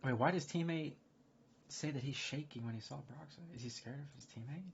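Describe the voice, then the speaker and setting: A man streaming casual chat, rambling and excitable, full of fillers and restarts. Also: mid-range voice, brisk, vocal fry, slight background noise. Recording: dull lo-fi stream audio.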